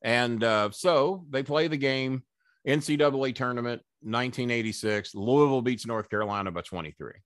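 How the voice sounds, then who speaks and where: A man's voice: mid-range voice, moderate pace, fairly bright tone, no echo, clean studio sound. A man in his sixties, a wrestling manager as guest, telling long rambling anecdotes with profanity and frequent restarts. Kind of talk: casual anecdotal storytelling.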